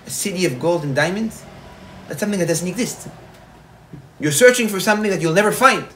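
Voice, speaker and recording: A man's voice: high-pitched, expressive, brisk, a bit bright, voice pushed up. A man voicing a dismissive giant within a told story, brusque and scoffing.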